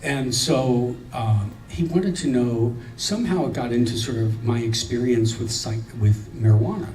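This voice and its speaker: A man in a middle register tells his memories haltingly, restarting sentences and filling pauses with ums, a wry note under it all. He is well away from the microphone, and the room gives his voice a clear echo. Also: mid-range voice, a little mellow. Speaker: storyteller at a gathering of friends. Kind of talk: casual anecdote telling. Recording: echoey room, recorded from a distance.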